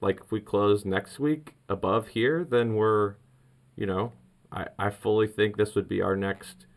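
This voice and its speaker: A man hosting a casual crypto vlog, rambling excitedly through trading charts with many restarts. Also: fairly low pitch, a little slow.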